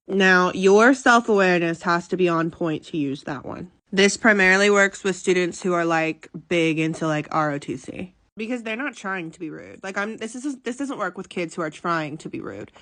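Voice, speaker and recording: Chatty sassy teacher woman, lowish voice. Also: normal speed, fairly bright tone. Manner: chatty and sassy, slips into mock-sincere apologetic asides. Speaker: high school teacher. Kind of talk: casual advice vlog.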